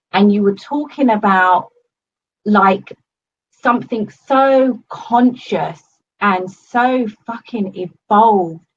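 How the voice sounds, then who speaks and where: Woman, husky voice, effusive, swears a lot, lo-fi video call audio. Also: mid-range voice. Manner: effusive, swears often, many "like" fillers. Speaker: coaching client giving a testimonial. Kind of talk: casual video-call testimonial.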